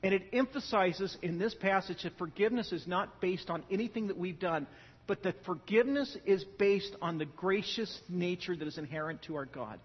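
Male pastor, husky and fairly high-pitched, lively sermon delivery with big swings in volume; dull recording with long hall reverb. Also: normal speed. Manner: animated, joking storyteller who swings from loud emphasis to quiet.

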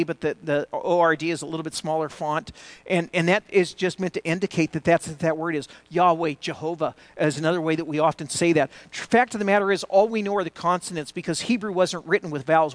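Man, sermon, earnest conversational preaching, builds in force, slightly high pitch. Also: no echo. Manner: rises louder and higher when building a point. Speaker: pastor. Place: church before a congregation.

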